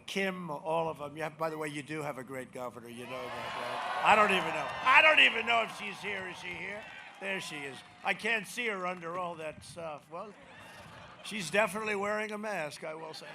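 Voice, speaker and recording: Politician at a podium mic, high bright voice, boastful rambler, loud one moment and muttering the next. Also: male voice, gravelly, slight background noise. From United States. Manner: boastful, rambling, repeats himself, swings from shouts to mutters. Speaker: president speaking as a candidate. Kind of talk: campaign rally speech. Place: rally venue.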